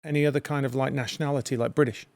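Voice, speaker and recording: A man's voice: mid-range voice, steady tone, rapid-fire, vocal fry, a little mellow, dry recording, clean studio sound. A man as a guest contributor, chatting casually and joking playfully. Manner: playful, joking, hesitant restarts. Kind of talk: casual chat.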